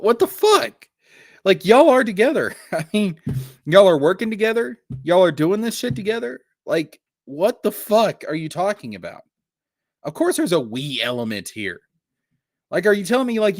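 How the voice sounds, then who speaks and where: Man streamer commentating live, frustrated, swears a lot, animated pitch, dry close sound. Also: moderate pace, no room sound. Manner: exasperated, profane, stumbling restarts.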